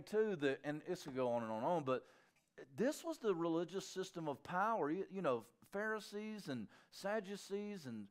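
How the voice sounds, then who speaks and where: Male preacher, conversational sermon delivery, lively rising and falling voice. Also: high-pitched. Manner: animated, conversational, with frequent restarts and asides to listeners.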